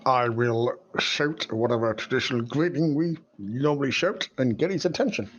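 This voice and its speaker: A man playing in a casual tabletop game, speaking in a relaxed, wry way. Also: medium pitch, moderate pace, lo-fi sound. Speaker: player.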